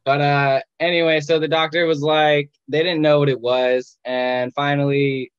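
A man's voice: on the high side, flat delivery, normal speed, smooth, dry recording, highs cut off. Young man telling a joking story. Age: 20s. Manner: joking, self-mocking, quotes others in his telling. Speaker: patient sharing his story. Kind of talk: casual storytelling. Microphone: video call.

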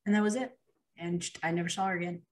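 A young woman with a notably low-pitched voice recounts a personal story as an interview guest. She talks in an earnest, unpolished way, full of ums, likes and restarts. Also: fairly even intonation, quick pace. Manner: earnest, with many fillers and restarts.

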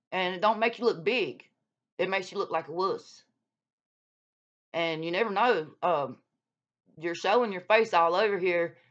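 A woman scolds in a blunt, profane vlog rant. Her voice sits at a middling pitch. The recording is dull and lo-fi. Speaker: YouTube vlogger calling out another creator. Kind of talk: heated casual rant. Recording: dull lo-fi sound.

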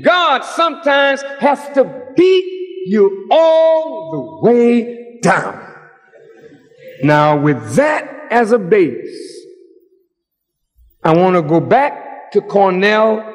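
Slow, high-voiced preaching man. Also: animated. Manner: dramatic preaching, rising to shouts. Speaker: minister. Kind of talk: sermon. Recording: long hall reverb.

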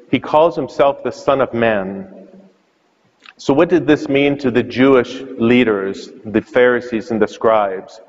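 A man preaching a sermon as a priest, telling the story with questions to the listeners. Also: medium pitch. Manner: storytelling, asks questions aloud. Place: church. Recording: muffled reverberant church sound.

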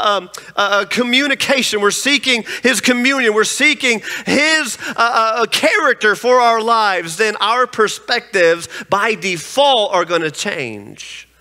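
A man preaching a sermon, telling his stories with emphasis in a high voice. His tone is bright and forceful. A long church reverb follows every phrase. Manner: emphatic storytelling. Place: church sanctuary.

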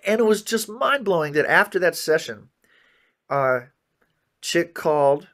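A man in his fifties telling animated stories as an interview guest, often saying "man" and "you know" and acting out other people's words. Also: high voice, moderate pace. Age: 50s. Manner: acts out others' words in quoted dialogue. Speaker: interview guest, jazz musician. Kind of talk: conversational storytelling interview.

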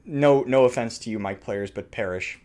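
A young man streaming a reaction to a game trailer, loud and swearing with hyped outbursts. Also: mid-range voice, moderate pace, crowd noise. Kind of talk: excited reaction commentary.

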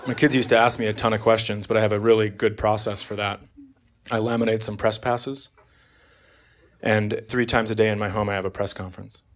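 A man's voice: fairly low pitch, flat delivery, fairly quick. A middle-aged man doing a brash, profane, mock-exasperated stand-up comedy set on a comedy club stage. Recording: live club recording with crowd laughter. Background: audience laughter.

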